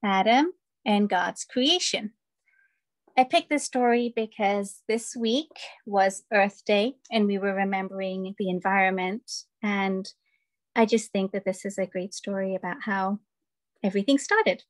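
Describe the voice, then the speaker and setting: A woman hosting a children's story time, reading picture books aloud in an animated, expressive way over a video call. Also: mid-range voice, normal speed. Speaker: storyteller host.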